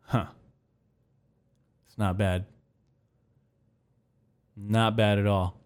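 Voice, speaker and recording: A young man hosting a solo comedy podcast, rambling crudely and telling dark jokes deadpan. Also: fairly low pitch, extremely slow, pauses often, smooth. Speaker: podcast host.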